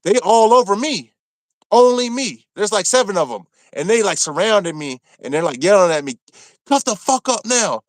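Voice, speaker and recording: A man from Maryland telling a rough story from his time in prison, cursing freely and acting out what people said. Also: high-pitched, normal speed, no room sound. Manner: animated, profane, acts out quotes. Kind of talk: casual storytelling.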